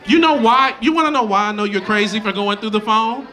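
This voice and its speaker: A male comedian performing a loud, animated stand-up set on a club stage, slipping into mocking voices, with the audience laughing. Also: sits high, a little fast. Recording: live club recording, crowd laughter. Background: crowd laughter.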